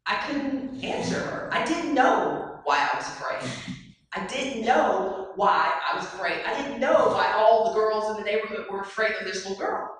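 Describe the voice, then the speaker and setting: A woman's voice: medium pitch, moderate pace. A woman giving a motivational talk to a live audience, telling stories and asking the crowd questions. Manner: lively storyteller, asks the audience questions. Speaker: keynote speaker. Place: large hall. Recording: echoey hall from far off.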